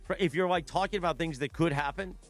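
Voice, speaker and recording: A man's voice: on the high side, quick pace, faint music behind. A man co-hosting a radio show, explaining his view in a chatty, casual way. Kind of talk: casual sports radio chat. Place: radio studio.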